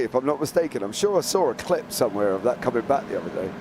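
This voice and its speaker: Excitable sim racing commentator. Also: male voice, medium pitch, fast, noisy background. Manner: chatty, jokey, excitable on calls. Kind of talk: live race commentary.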